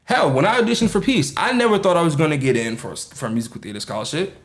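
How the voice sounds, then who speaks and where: A man's voice: fairly high pitch, lively intonation, quick pace. A young man with a New York accent, a podcast co-host in casual, laughing chat among friends, swearing freely. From Jamaica, Queens, New York.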